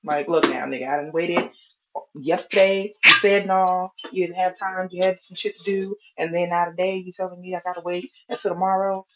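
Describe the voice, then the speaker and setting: A woman's voice: fairly low pitch, fairly even intonation, fairly quick, fairly bright tone, a little hiss or hum. A woman delivering a profane, exasperated comic rant as a vlogger, complaining at length. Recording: dull lo-fi recording.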